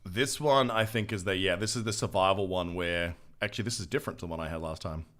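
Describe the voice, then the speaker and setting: A young man streaming a game, chatting casually with a relaxed, joking manner and casual swearing. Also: low voice, fast. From Australia. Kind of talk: casual gameplay chat.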